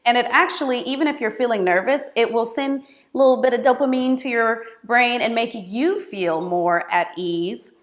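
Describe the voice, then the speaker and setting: A woman in her thirties, a career coach giving expressive, hands-on advice straight to camera. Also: on the high side, normal speed, hardly any pauses. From United States. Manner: expressive, gestures a lot while talking.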